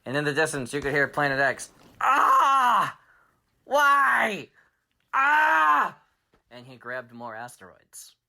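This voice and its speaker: A man hosting a children's story podcast, telling an improvised tale with shouted sound effects and dramatic hushed asides. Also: medium pitch, steady tone, fairly quick, few pauses.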